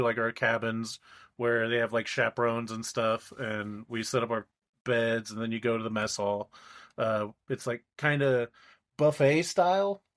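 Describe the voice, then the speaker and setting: A man's voice: mid-range voice, fairly bright tone. A young man, a podcast co-host, telling a long story in casual chat, rambling along and acting out the people he quotes.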